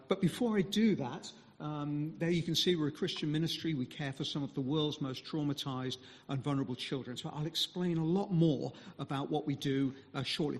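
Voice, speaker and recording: A man speaking as a visiting mission speaker, giving a conversational sermon full of pauses and fillers. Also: on the high side, in a large hall. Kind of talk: sermon talk.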